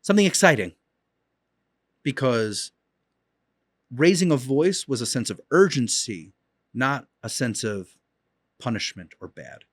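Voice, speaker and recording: A man's voice: mid-range voice, lively intonation, slow, pauses often, husky, no room sound, studio quality. A man teaching as a dog trainer in an instructional video, talking emphatically and repeating key points.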